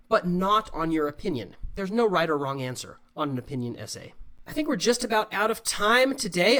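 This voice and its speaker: American man, English teacher, live Q&A over video call, patient explanations, fairly high voice. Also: fairly bright tone. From United States. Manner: explains patiently, often checks in with "right?". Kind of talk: live online Q&A lesson.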